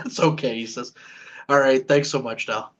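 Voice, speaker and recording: A man hosting a casual podcast interview, animated and quick to laugh. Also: medium pitch, muffled recording. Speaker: podcast host.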